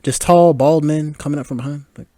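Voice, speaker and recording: Chatty young man with a lively voice. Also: fairly high pitch, no echo, clean studio sound. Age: 20s. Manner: chatty, laughing, filler-heavy. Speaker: podcast host. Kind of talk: casual movie commentary.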